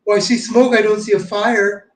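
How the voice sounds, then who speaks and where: A man's voice: sits high, moderate pace, distant mic, pitched above the performer's own voice, close to an everyday voice. A man mimicking a dismissive coworker lady. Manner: flat, dismissive. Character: skeptical female coworker, unhelpful. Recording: echoey room.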